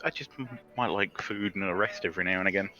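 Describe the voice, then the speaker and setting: Soft-spoken female bard, as a man plays her. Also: deep voice, fast talker, lo-fi sound, soft background music. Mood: polite. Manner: soft, polite.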